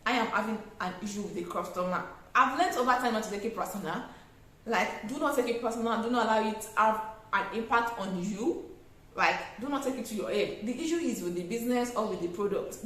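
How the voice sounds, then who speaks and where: Young Nigerian woman, Nigerian accent, casual advice vlog, animated, fairly high voice, heavy room echo. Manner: animated, acts out customer exchanges, laughs often. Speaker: small business owner giving tips.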